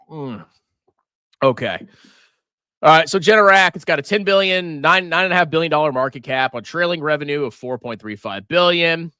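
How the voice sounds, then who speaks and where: Animated, sharp-toned male stock streamer. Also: on the high side, dry recording, studio quality. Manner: excitable, swears freely, quick to laugh. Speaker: finance livestream host. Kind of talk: casual livestream stock commentary.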